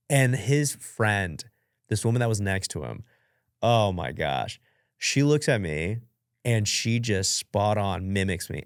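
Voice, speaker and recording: Podcast host, young man, lowish voice, animated self-mocking storyteller, dry studio sound. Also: normal speed, clean tone, dry recording. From United States. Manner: animated, chatty, self-mocking, acts out his own reactions. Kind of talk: casual storytelling and Q&A. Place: professional studio. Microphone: studio mic.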